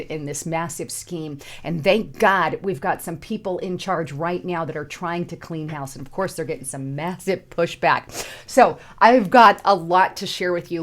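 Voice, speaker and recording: A woman with a fairly low-pitched voice hosts a casual political commentary show. She talks emphatically, piling up repeated words and pushing her voice up when she stresses something. She sounds middle-aged.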